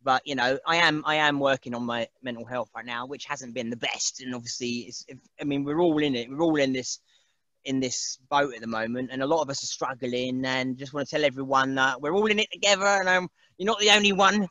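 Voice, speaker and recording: A man's voice: medium pitch, fairly quick, pushed and bright, no echo, dull audio. A man, chatting casually as an interview guest, rambling and laughing often and mimicking other people's voices. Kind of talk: casual chat.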